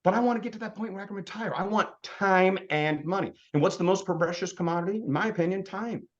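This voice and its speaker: Energetic guy in his 50s doing a sales training talk, lots of rhetorical questions, slightly high voice. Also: fast talker, muffled recording. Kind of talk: motivational business presentation.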